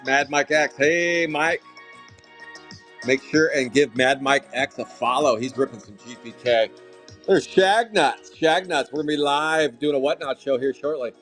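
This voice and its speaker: A man hosting a live trading card break, calling out pulls with loud, excitable, jokey hype. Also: medium pitch, a little fast, hardly any pauses. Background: faint music.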